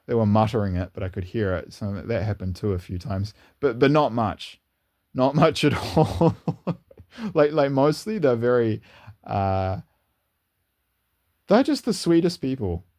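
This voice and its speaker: A man with a low, mellow voice talks casually to his channel in an unscripted monologue. He rambles and restarts often, repeating words as he gathers his thoughts. His pitch climbs eagerly when he gets enthusiastic. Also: big pitch swings, normal speed. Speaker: channel host. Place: lives in New Zealand, indoors.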